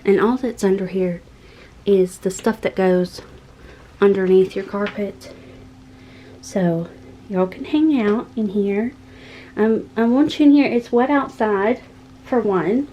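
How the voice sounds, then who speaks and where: A woman, chatting casually at home and cooing to her cats in a high sing-song voice. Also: a little slow, long pauses, mellow, rough recording. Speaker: vlogger. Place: home room with pets.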